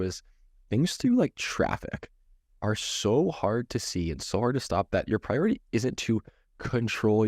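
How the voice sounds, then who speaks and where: Low-voiced man in his thirties. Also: a little mellow, dry recording, studio quality. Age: 30s. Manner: rambling and talkative, with many false starts and restarts. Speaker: goalie coach and podcast co-host. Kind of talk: casual podcast chat.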